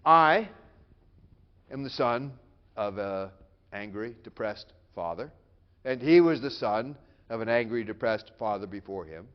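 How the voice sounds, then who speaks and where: Guy preaching a sermon, earnest, pausy, slightly muffled lo-fi sound. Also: on the low side, lively intonation, smooth. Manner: earnest, emphatic, with dramatic pauses and hushed quotes. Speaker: pastor.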